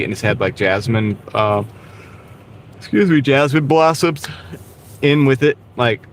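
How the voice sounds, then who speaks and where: A man livestreaming while driving for food deliveries, chatting in a rambling way and answering viewer comments. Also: on the low side. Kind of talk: casual live-stream chat while driving. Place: inside a car driving in the rain. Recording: steady road and car noise behind. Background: car and road noise.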